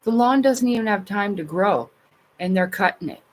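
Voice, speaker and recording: A woman's voice: mid-range voice, animated, normal speed. A woman, chatting casually to her livestream viewers in a blunt, profane way. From Canada. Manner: blunt and profane, with frequent laughs. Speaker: streamer.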